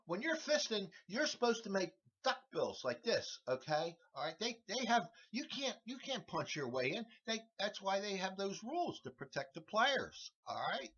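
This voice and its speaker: A man hosting a comedy show, delivering a rambling deadpan monologue full of restarts and "all right"s. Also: high voice, slightly rough. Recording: dull lo-fi recording.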